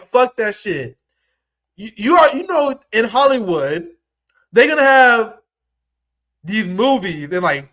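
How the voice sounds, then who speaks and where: A man's voice: very high-pitched, fairly bright tone. A young man giving heated, profane political commentary as a streamer, mocking and ranting at his audience.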